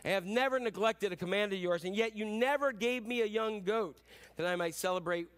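A man playing a resentful older brother, his voice dropping lower and grumbling with bitterness. He sounds hurt and stubborn, listing his grievances. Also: brisk, fairly bright tone. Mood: bitter. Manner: bitter, complaining. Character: resentful dutiful older son, young man.

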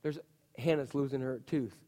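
A man preaching a chatty, animated sermon as a pastor, full of asides and "you know". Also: medium pitch, normal speed. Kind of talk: conversational sermon. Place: church. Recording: long reverb of a church hall.

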